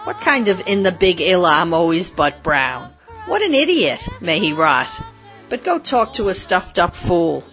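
A woman's voice: medium pitch, big pitch swings, measured pace, creaky, few pauses, faint music behind. A woman voicing a grumbling middle-aged father who leads a troupe of Purim players, exasperated and cursing. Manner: exasperated, cursing under his breath.

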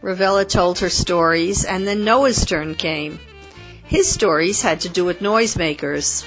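Lady calmly reading a story, lowish voice, soft music under. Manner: calm, measured reading. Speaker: narrator. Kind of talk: storybook narration.

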